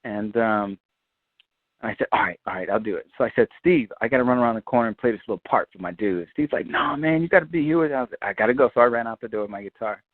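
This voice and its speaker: A man, a guitarist, telling an animated, profane story and acting out the other people's voices. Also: fairly low pitch, fast talker, no echo, phone-quality sound. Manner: lively, swears freely, acts out quoted voices.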